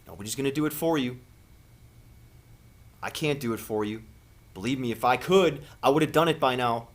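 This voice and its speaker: A man giving an impassioned spiritual monologue to camera as a vlogger, earnest and preachy, with long dramatic pauses. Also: mid-range voice.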